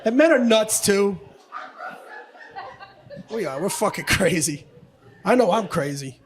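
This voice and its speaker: A man's voice: sits high, lively intonation, a little slow. Brash, profane male stand-up comic. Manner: brash and profane, jumps into voices. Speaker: stand-up comedian. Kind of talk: stand-up comedy routine. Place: comedy club stage with audience laughter.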